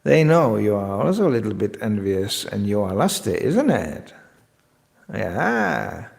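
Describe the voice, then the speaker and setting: A man giving a devotional lecture as a spiritual teacher, lively and joking, often acting out other people's voices. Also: fairly low pitch, measured pace, creaky, big-room sound.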